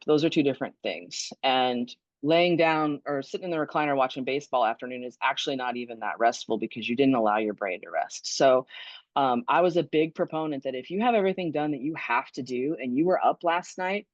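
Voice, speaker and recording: A woman's voice: rumbling low, no echo. A woman who was a fire battalion chief, answering webinar questions in an earnest, conversational way with frequent ums and restarts. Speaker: guest speaker, former fire battalion chief. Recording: dull lo-fi dry webinar audio.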